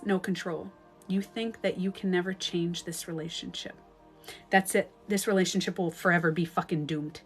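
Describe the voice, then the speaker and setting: Woman relationship coach on a casual livestream: blunt, emphatic, swears freely, voices inner thoughts aloud, faint music underneath. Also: mid-range voice. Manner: acts out inner thoughts in quoted asides. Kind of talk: casual livestream advice talk.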